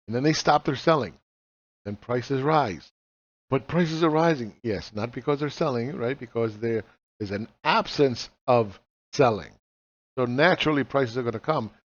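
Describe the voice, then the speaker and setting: A man's voice: mid-range voice, normal speed, dry recording. Forties guy walking thru charts, blunt, swears a lot, keeps asking questions, bit dull lo-fi audio. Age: 40s. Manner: blunt and profane, fires rhetorical questions. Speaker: market analyst teaching chart reading. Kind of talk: casual chart walkthrough lesson. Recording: slightly dull lo-fi recording.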